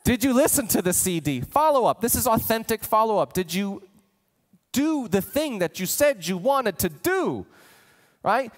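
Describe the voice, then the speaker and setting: A man giving an energetic marketing training talk, animated and acting out imagined customers. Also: sits high, long reverb tail. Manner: animated, voices imagined customers, gets worked up. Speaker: marketing coach.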